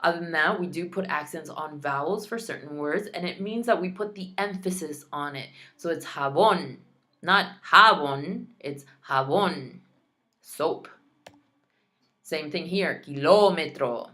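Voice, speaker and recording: A woman teaching a language lesson online, saying each word slowly and patiently explaining how to pronounce it. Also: low voice, a bit bright. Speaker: Spanish teacher.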